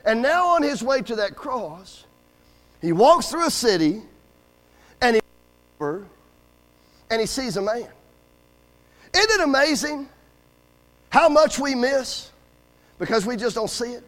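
Casting: high-pitched male preacher, folksy humor, amen calls, church hall reverb. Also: sing-song, slow, pauses often, fairly bright tone. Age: adult with school-age kids. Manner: folksy, joking storyteller with call-and-response amens. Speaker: guest preacher. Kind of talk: sermon. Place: church sanctuary.

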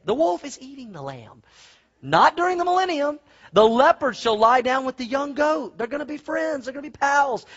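A man preaches in a high, husky voice. He is animated and folksy, breaks into stories and asides to his congregation, and the recording sounds dull and lo-fi, like a church sermon tape. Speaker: pastor.

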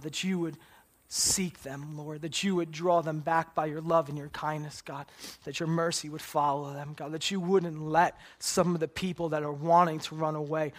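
Earnest male preacher, even-toned. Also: fairly high pitch. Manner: earnest, repeats "God" and "Lord" in prayer; asks "right?" of the listeners. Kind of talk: sermon and closing prayer.

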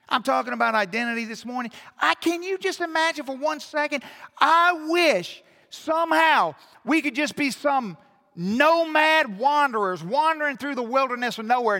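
A man preaching a sermon as pastor, swinging between hushed, intimate asides and loud, emphatic exhortation. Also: very high voice. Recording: long hall reverb.

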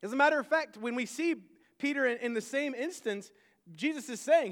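A man's voice: very high voice, animated, a little fast, fairly bright tone. A man preaching a sermon, emphatic, often repeating and restarting his phrases. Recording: long hall reverb.

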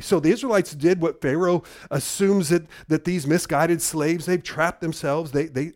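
A middle-aged man preaching a sermon, telling a Bible story with dramatic drops into a low hushed voice and frequent restarts. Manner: restarts and repeats words. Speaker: pastor.

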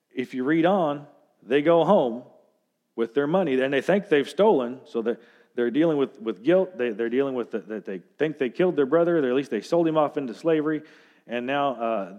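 Male preacher, mid-pitched voice, plainspoken sermon delivery, reads verses then riffs on them with fillers and restarts. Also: darkish tone. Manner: conversational, with fillers and restarts, reading scripture aloud. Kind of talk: sermon with scripture reading.

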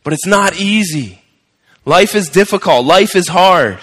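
Brief: male pastor with a fairly high voice, conversational and emphatic, repeats points for weight, recorded with long reverb in a large sanctuary. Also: animated, a little slow, fairly bright tone, husky. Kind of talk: sermon.

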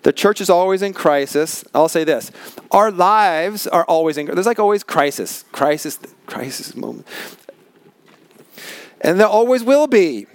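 A man preaching a sermon as pastor, earnest and emphatic, slowing down to stress key words. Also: high voice, expressive, clean tone, dry recording. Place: large tent.

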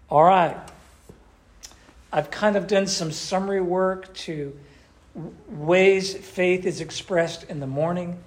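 A man's voice: fairly high pitch, darkish tone. An older man, a pastor, teaching a church class in a conversational way and asking the group questions.

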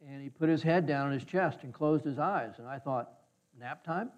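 A man's voice: medium pitch, fairly quick. A man preaching a sermon, telling a personal story in a folksy way and acting out the voices of people he quotes. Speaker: pastor. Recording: slightly dull, muffled sound.

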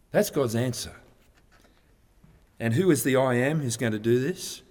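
A man's voice: medium pitch, expressive, a little slow, long pauses, darkish tone. A man preaching a sermon from a handout, earnest and emphatic as he teaches scripture. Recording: long reverb of a large hall.

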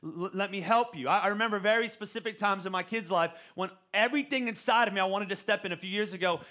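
A man's voice: high voice, sharp tone. A man in his forties giving a conversational sermon as a pastor, often repeating words as he starts a phrase.

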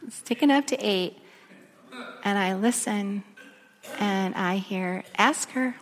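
A woman's voice: medium pitch, takes it slowly, slight background noise. Woman preaching in a reverberant hall. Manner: storytelling, drops to soft near-whisper at emotional moments. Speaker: speaker. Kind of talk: sermon. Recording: echoey long reverb of a large room.

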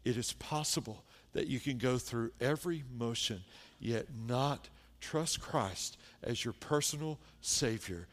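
A male pastor preaching a sermon, moving from hushed, low passages to loud, impassioned stretches full of rhetorical questions to the congregation. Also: a little slow, in a large hall.

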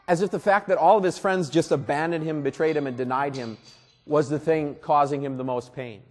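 A man preaching a sermon as pastor at a church service, earnest and deliberate, often repeating words. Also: fairly high pitch.

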